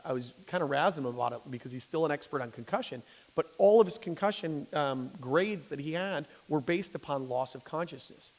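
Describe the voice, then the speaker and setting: A male doctor lectures in a loose, conversational way, moving along at a brisk clip. His voice sits at an average pitch and rings with the long reverb of a church hall. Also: creaky. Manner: conversational, checks in with "okay?", restarts sentences. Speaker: physician giving a public talk. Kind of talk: lecture to a lay audience.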